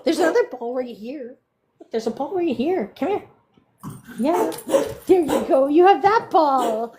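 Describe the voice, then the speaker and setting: A woman hosting a casual live stream, chatting with viewers and cooing at her dogs in a high baby voice. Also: animated, a little slow, very noisy. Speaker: livestream host.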